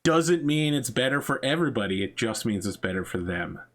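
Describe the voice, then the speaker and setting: A man's voice: mid-range voice, lively intonation, fairly quick. A man in casual chat after a tabletop role-playing game, joking and teasing the players.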